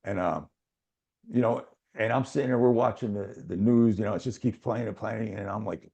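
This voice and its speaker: A middle-aged man is a guest in a casual chat, telling a long personal story and acting out what other people said. He sounds animated and chuckles often, and his lowish voice runs a little fast, with a creaky, breathy edge.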